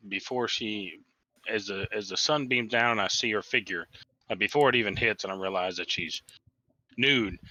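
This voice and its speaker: A man's voice: on the low side, normal speed, sharp tone, no echo, lo-fi sound. A man playing a tabletop game, speaking for his character in a wry, casual way. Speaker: player.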